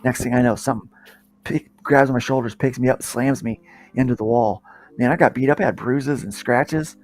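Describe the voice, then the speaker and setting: A man's voice: medium pitch, normal speed. A man hosting a casual podcast panel, telling a long story in a rambling way with frequent restarts. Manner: rambling, restarts often, animated when telling stories. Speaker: podcast host.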